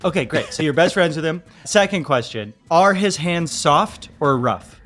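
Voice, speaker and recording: A man's voice: fairly high pitch, expressive, moderate pace, a bit bright, faint music behind. A man co-hosting a podcast, asking teasing, playful questions in casual chat. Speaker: podcast co-host.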